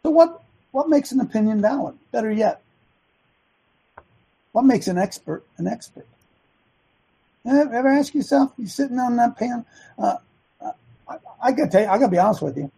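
A man hosting a talk show as a coach, preaching opinions with rapid rhetorical questions and frequent restarts. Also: very high voice, expressive, creaky, warm tone, breathy edge, rough recording. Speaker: host and coach.

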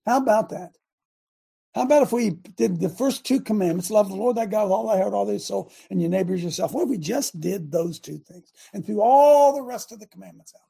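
An older man hosting a talk radio show, delivering a fiery, repetitive preachy rant that rises to shouts. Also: high-pitched, lively intonation, fairly quick, creaky, husky.

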